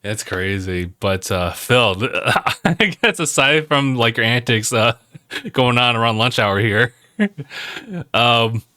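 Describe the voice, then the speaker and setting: A man hosting a casual podcast, easygoing and quick to giggle. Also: mid-range voice, sharp tone, no room sound. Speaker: podcast host. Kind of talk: casual chat.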